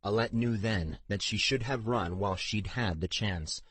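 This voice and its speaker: A male narrator reads a fantasy audiobook in a steady, even storytelling voice. His tone is low with a husky grain, and the recording is dry and close with no room sound. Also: normal speed, no room sound. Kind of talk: scripted narration.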